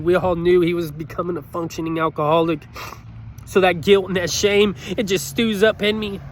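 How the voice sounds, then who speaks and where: A man's voice: on the high side, little pitch movement, a little fast, a little hiss or hum. A man giving a heartfelt motivational talk in an earnest, pleading way, choked up with emotion. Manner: earnest, pleading, repeats his points. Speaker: motivational speaker.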